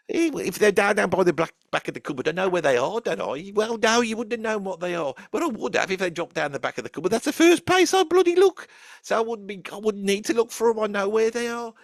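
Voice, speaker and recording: A man's voice: high voice, animated, fast talker, vocal fry, no room sound, studio quality. A man playing a rambling, foul-mouthed old rock fan from Birmingham, speaking with a Birmingham accent and repeating himself with chummy asides to his listeners. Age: older. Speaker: channel host in character. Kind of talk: comic character monologue.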